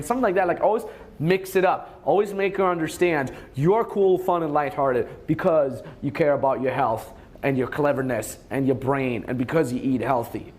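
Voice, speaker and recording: A man's voice: fairly high pitch, fairly quick, a little mellow. A young man giving crude dating advice in a rambling way, swearing a lot and acting out quoted lines. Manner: acts out quoted lines in a raised voice. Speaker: dating coach. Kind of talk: casual advice talk.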